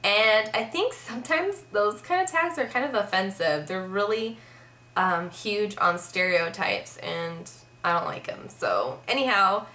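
A young woman talking to camera in a loose, rambling vlog chat, her speech full of "like" and "um". Her voice is bright and forward. The sound bounces around an echoey room. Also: mid-range voice, expressive, unhurried. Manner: chatty, rambling, heavy use of "like". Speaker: vlogger.

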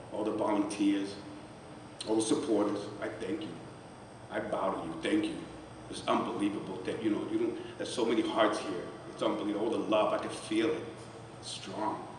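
A middle-aged man with a lowish voice speaks from the heart at a charity event. His talk is conversational and emotional, at times choked up. He is picked up from a distance in a big, reverberant hall with a steady audience murmur. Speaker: guest speaker at a charity celebration. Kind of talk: emotional personal testimony speech. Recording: echoey hall, distant mic, background noise.

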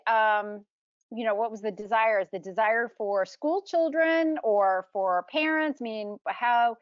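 A woman's voice: fairly high pitch, no room sound, dull audio. A woman host asks the author a question, hesitating and searching for her words. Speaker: podcast host. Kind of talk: hosting a Q&A.

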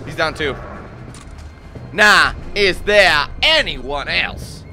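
A man giving casual, excitable gameplay commentary, swearing often and yelling when things go wrong. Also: a little high, drawn-out words, soft background music. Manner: excitable, swears a lot, yells when panicked. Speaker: let's play commentator.

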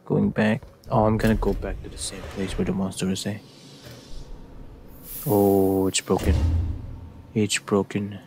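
Young male let's player, low gravelly voice, nervous repetitive muttering. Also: little pitch movement, a little slow, long pauses, a little mellow, soft background music. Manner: jittery, repeats words in nervous runs. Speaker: gameplay streamer. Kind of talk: let's play commentary.

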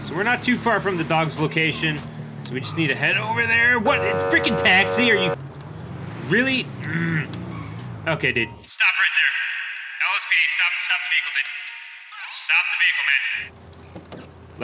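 A man's voice: a little high, sing-song, normal speed, gravelly, long pauses. Chatty male gamer playing cop, game noise behind. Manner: chatty, narrates his moves, talks to dispatch in cop lingo. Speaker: gaming YouTuber playing a police officer. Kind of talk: casual gameplay commentary with in-character radio talk.

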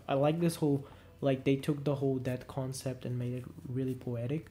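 A man's voice: medium pitch, steady tone, brisk, warm tone. A man hosting a gaming video, talking casually and enthusiastically, with lots of "like" fillers and restarts. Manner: rambling, fills speech with "like", enthusiastic.

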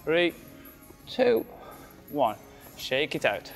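Man, fitness instructor, high voice, counting down exercises, a bit breathless, faint music behind. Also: big pitch swings, drawn-out words, gravelly. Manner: gives short counted cues, encouraging. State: slightly out of breath. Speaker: cardiac rehab exercise instructor. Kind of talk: coaching an exercise class.

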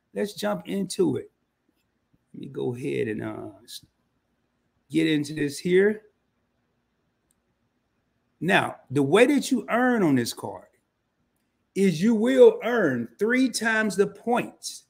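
A man with a strongly gravelly, husky voice pitched a little high hosts a relaxed live stream. He banters in slang with his viewers and greets them by name. He pauses often on fillers and restarts his sentences. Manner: frequent fillers and self-corrections. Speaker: credit card channel host. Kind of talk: casual live stream talk to chat.

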